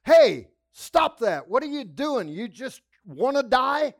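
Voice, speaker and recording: A man's voice: extremely high pitch, big pitch swings, takes it slowly, creaky, pitched above the performer's own voice, exaggerated voice. A man voicing a mean male hospital orderly who barks harsh, scolding orders. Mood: angry scolding. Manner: barking, harsh.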